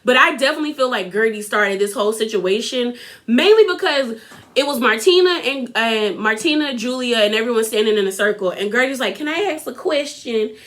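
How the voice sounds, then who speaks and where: A young woman with a slightly high, fairly bright voice recaps a reality TV episode at a brisk pace. She chats casually and gossipily, sharing her opinions and speaking directly to her viewers.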